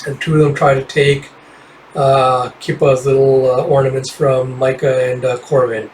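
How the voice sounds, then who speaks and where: A man's voice: medium pitch, little pitch movement, normal speed, darkish tone, a little hiss or hum, low-quality recording. A man casually narrating a comic book readthrough, loose and rambling with lots of filler words.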